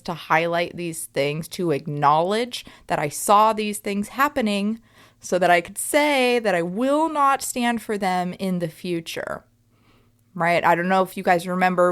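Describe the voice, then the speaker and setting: A woman in her thirties hosts a solo podcast, reflecting in an emphatic, conversational way and frequently checking in with her listeners. Her voice is medium in pitch.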